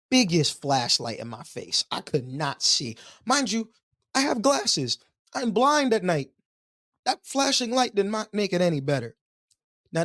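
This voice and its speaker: A man co-hosting a podcast, telling a long story in a casual, animated way and acting out the voices of the people in it. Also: on the high side, no room sound, studio quality. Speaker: podcast co-host.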